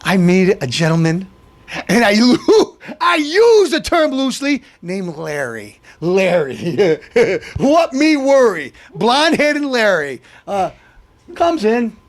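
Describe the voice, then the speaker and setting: A man's voice: high voice, wildly swooping pitch, slow. A middle-aged man hosting his own show, telling an aggrieved story in a rambling, indignant rant full of restarts. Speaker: show host. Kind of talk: ranting monologue.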